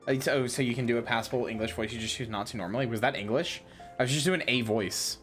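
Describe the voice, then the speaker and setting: A woman's voice: very deep voice, fast, soft background music. A woman streaming a game, chatting casually and reading its dialogue aloud.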